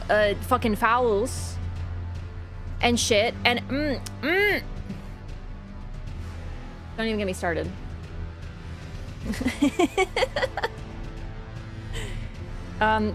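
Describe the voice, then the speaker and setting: A young woman streaming a game, chatting casually and ranting with lots of fillers and swearing. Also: fairly high pitch. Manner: animated, swears freely, rants with many fillers. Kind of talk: casual livestream chat.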